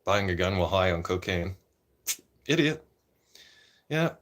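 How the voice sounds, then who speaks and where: A man's voice: low voice, expressive, a little slow, fairly bright tone. A man ranting casually and opinionatedly to camera, rambling and repeating himself and tagging lines with "right?". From Canada. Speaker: vlogger. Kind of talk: casual political rant.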